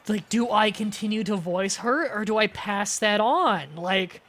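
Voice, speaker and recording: A young adult woman streaming a game, chatting casually with animated, profane asides. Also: mid-range voice, takes it slowly. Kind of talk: casual chat over gameplay.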